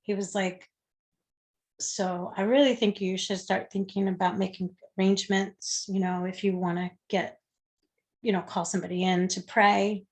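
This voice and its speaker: A woman's voice: mid-range voice, flat delivery, normal speed. Woman guest telling her story, blunt and swears a lot, acts out what people said. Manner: candid, swears freely, acts out quoted people. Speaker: interview guest. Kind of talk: personal story in conversation.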